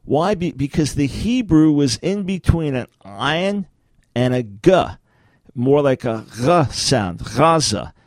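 A man's voice: a little high, animated, slow pace, darkish tone, dry recording. Dry-voiced male radio talk host, emphatic. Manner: emphatic, lecturing, rhetorical questions. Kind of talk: radio talk show teaching. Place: radio studio.

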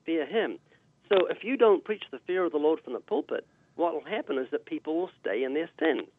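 A man's voice: on the high side, lively intonation, brisk, slight background noise. A man with a New Zealand accent, a guest evangelist preaching emphatically on a radio call-in show. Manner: emphatic, sermon-like delivery. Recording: tinny dry phone line.

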